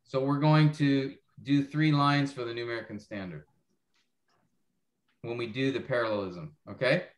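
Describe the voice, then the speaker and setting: A man leads an online Bible class, walking through each point and pausing to ask whether everyone follows. His voice sits at an ordinary pitch and carries a roomy echo. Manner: explanatory, checks understanding often. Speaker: Bible teacher.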